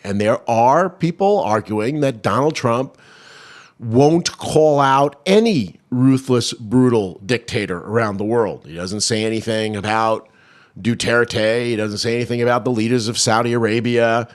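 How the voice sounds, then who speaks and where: A man co-hosting a political talk show, giving opinionated, wry commentary with many restarts. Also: fairly low pitch. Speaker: co-host of a political radio show.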